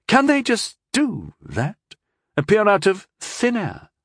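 A cold, scheming teenage princess from an audiobook, sly and a little tipsy, looking down on whoever she addresses, as a man puts her on. The voice sits noticeably higher and swoops with lively pitch. It is recorded close and dry. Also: normal speed, dry recording. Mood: demanding. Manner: sly, condescending, drawling. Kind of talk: audiobook character voice.

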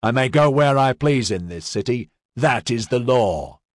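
A man voicing a smug male gang leader who argues loudly and self-righteously. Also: medium pitch, lively intonation, a little slow, no echo, studio quality, pitched above the performer's own voice, lightly acted. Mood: defiant.

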